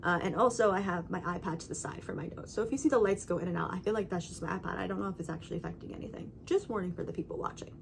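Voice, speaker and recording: A woman's voice: lowish voice, very fast, vocal fry, hardly any pauses, a little hiss or hum. Emphatic woman vlogging to camera. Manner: emphatic, rambling, frequent "right?" and "you know". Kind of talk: casual talking-head monologue.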